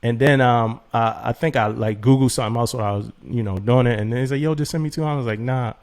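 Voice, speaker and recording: A man in casual podcast chat, spinning a story with lots of energy. He acts out both sides of a text exchange and breaks into laughter often. His voice sits at an ordinary middle pitch. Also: fast, darkish tone. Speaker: podcast co-host.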